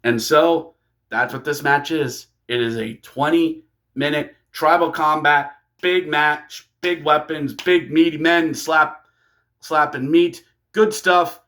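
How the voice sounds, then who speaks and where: A man narrating a fantasy wrestling storyline in a playful, excitable way. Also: fairly high pitch, slow pace. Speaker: wrestling fan video creator.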